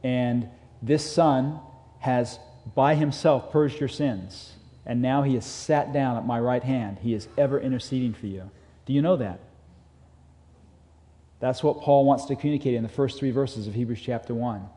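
A man preaching a sermon as a pastor, earnest, rising in intensity and then dropping to soft emphasis. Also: medium pitch, moderate pace. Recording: long hall reverb.

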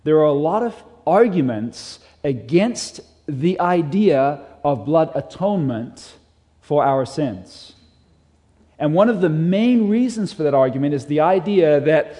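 A man's voice: fairly high pitch, animated, a little slow, dark tone. A man preaching a sermon, emphatic and repeating his key phrases, reading scripture aloud to a congregation. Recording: long hall reverb.

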